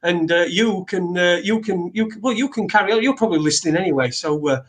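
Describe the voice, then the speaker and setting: A man's voice: high-pitched, fast. A man, co-hosting a casual home podcast, rambling and swearing freely. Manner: sweary, rambling, laughs a lot. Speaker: podcast co-host. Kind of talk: casual chat. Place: living room at home.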